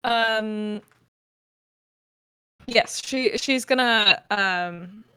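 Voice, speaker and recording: A woman's voice: medium pitch, extremely slow, sharp tone, smooth, no echo. A woman playing a tabletop role-playing game, describing what her character does in a hesitant way with fillers. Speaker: player.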